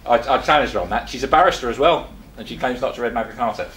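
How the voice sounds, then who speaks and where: A man's voice: medium pitch, fast talker, fairly bright tone, echoey room, a little hiss or hum, low-quality recording. An older man from England giving a chatty talk to a small group, full of rhetorical questions and restarts. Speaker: presenter. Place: meeting room.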